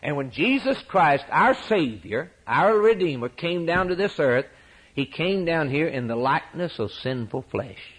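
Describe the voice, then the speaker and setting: A man preaching a sermon at a church service, impassioned, swinging from loud high peaks down to low, quiet lines. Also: big pitch swings, measured pace, husky, poor audio.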